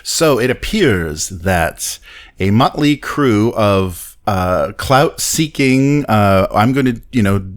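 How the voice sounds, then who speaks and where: A man hosting a casual tabletop games podcast, chatting with lots of fillers, quick laughs and skeptical asides. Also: fairly low pitch. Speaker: podcast host.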